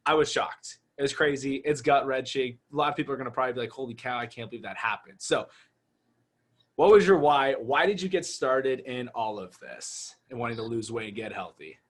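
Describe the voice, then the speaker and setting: A man's voice: medium pitch, a little fast. Give me an upbeat, curious man coach interviewing a guest in a casual way. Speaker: coach and show host.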